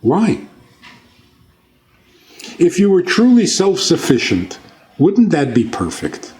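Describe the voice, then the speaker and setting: Rabbi lecturing with a lively, joking tone. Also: male voice, sits high, takes it slowly. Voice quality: conversational, asks the audience questions and jokes. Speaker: rabbi giving a talk. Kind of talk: informal lecture to an audience.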